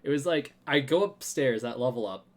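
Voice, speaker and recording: A man's voice: medium pitch, lively intonation, a little fast. A man hosting a podcast in casual chat, telling stories and laughing often. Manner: chatty storyteller, laughs often. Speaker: podcast host.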